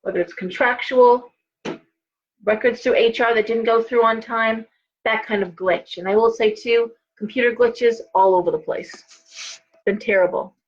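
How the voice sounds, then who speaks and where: A woman's voice: a little high, fairly even intonation, normal speed, lo-fi sound, a little hiss or hum. Chatty tired woman reading tarot live. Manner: chatty, rambling, frequent restarts and asides. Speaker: host and tarot reader.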